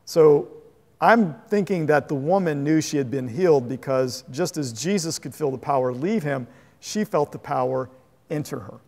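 A man preaching a sermon as a pastor, animated and conversational, chuckling at his own asides. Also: on the high side, normal speed, big-room sound. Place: church sanctuary.

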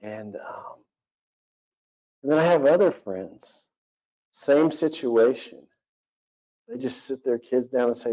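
Man, forties, pastor, casual sermon, earnest, filler-heavy, mid pitch, muffled lo-fi recording. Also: takes it slowly, pauses often, dark tone. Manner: earnest, rambling, with many fillers. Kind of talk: conversational sermon. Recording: dull lo-fi recording.

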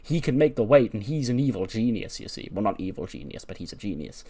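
A man's voice: lowish voice, lively intonation, fast, mellow, husky. A man doing an earnest young wrestler. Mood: reassuring. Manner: rambling, reassuring. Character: earnest young male wrestler comforting a friend.

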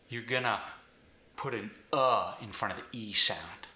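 Guy teaching sounds step by step, low and bright, roomy echo. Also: a little slow. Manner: clear step-by-step instruction. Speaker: accent coach. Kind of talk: instructional explanation.

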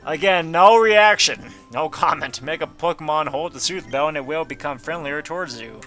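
A man's voice: on the high side, animated, normal speed, few pauses, a bit bright, soft background music. A man giving casual gameplay commentary, reading game text aloud and adding goofy asides. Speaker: let's player.

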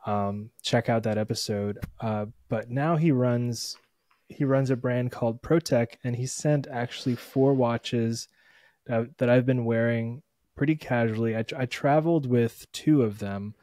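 A man's voice: mid-range voice, a little slow, warm tone, no echo. A man co-hosting a podcast in casual chat, laid-back and full of fillers while he talks through a segment. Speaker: podcast co-host.

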